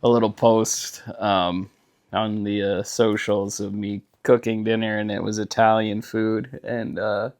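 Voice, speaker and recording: A man who is a father, co-hosting a podcast and chatting casually with quick, amused asides. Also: lowish voice, little pitch movement, a little mellow. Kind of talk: casual chat.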